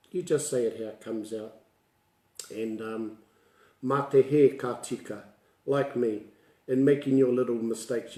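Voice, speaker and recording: A laid-back man with a mellow, mid-range voice and a New Zealand accent leads a casual online language lesson. He tells things in a chatty, story-like way, laughs often and slips Māori words into his speech. The audio sounds spacious and echoey.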